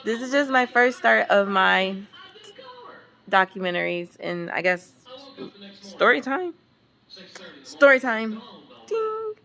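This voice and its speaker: A woman's voice: medium pitch, takes it slowly, vocal fry, pauses often. A mother vlogging a casual storytime, exasperated and swearing freely as she tells it. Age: adult parent. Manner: exasperated, profane, animated storytelling.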